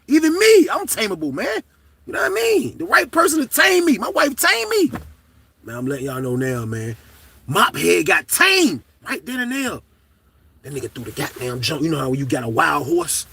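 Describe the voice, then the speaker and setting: A man telling a comedic story in casual, slangy talk, swinging from hushed to loud. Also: high voice, wildly swooping pitch, moderate pace, vocal fry, slightly rough.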